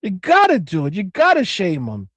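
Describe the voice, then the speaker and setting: Middle-aged man, livestream host reading chat, high voice, dry close sound, profane rambling delivery. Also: wildly swooping pitch, moderate pace, a bit bright, dry recording. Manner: rambling, swears a lot, repeats phrases; reads viewer comments aloud.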